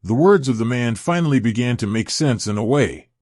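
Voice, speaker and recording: Guy narrating fanfic, steady storytelling, mid-pitched voice, dry no-echo recording. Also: fairly quick. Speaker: fan fiction reader. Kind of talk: scripted narration.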